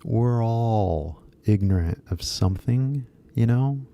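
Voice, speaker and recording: A man's voice: medium pitch, lively intonation, slow pace, vocal fry, warm tone. A man with an American accent giving a casual, rambling English pronunciation lesson, repeating key words for emphasis. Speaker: English teacher.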